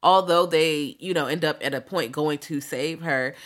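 A woman's voice: low voice, moderate pace, a bit bright. A woman co-hosting a podcast in casual movie review chat, telling stories in an easygoing, plain-spoken way. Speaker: podcast co-host.

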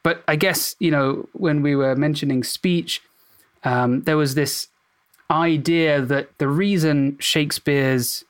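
A man who is a doctor, a guest on a podcast, talking thoughtfully with halting restarts. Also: on the high side, steady tone, smooth. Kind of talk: casual podcast discussion.

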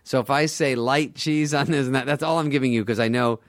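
A man telling stories in casual chat as a podcast guest, acting out other people's lines with lively changes of voice. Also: medium pitch, a little fast. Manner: animated storyteller, acts out other people's lines. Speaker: podcast guest, former sketch comedy cast member.

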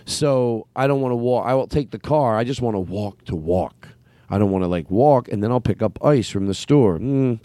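A man's voice: mid-range voice, normal speed, mellow, no echo. A man hosting a podcast after-show, chatting casually in a meandering way, full of fillers, restarts and self-interruptions. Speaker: comedian podcast host. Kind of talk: casual rambling chat.

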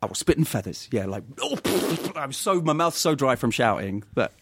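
A man's voice: mid-range voice, brisk, noisy background. Laughing man telling stories. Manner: animated storyteller, laughs often. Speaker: actor guest. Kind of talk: casual chat.

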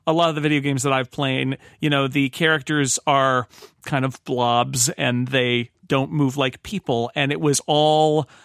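A man's voice: medium pitch, steady tone, measured pace, a bit bright, smooth, no echo, clean studio sound. A man hosting a podcast in casual discussion, chatty and given to stammering restarts. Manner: chatty, stammers and repeats words. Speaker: podcast host.

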